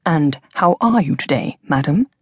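A woman voicing a polite, wealthy British gentleman with a formal, dry-humored manner. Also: low voice, lively intonation, normal speed, husky, dry recording, pitched below the performer's own voice. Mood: courteous.

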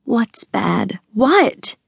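A woman voicing a fierce, suspicious young woman who is sharp and accusing toward her brother in an audiobook. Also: a little high, sing-song, drawn-out words, creaky, husky, no room sound, studio quality, pitched above the performer's own voice, exaggerated voice. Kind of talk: audiobook character voice.

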